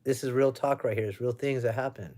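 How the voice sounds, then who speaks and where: A young man from the United States hangs out on a live stream at home, reading viewer comments in a loose, chatty way. He speaks briskly with a warm, mid-range voice through a webcam or phone.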